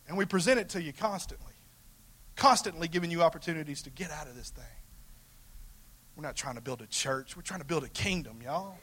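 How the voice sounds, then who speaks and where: A man preaching a sermon as pastor in a folksy, colloquial way, swinging between loud emphatic calls and hushed asides. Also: on the high side, a little fast, husky.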